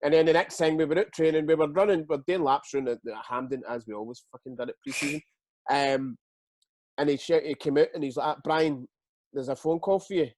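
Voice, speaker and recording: A man's voice: a little high, steady tone, fairly quick, darkish tone, no room sound. A middle-aged Scottish man, a retired footballer, telling his career stories in a casual interview, swearing freely and acting out what others said. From Scotland.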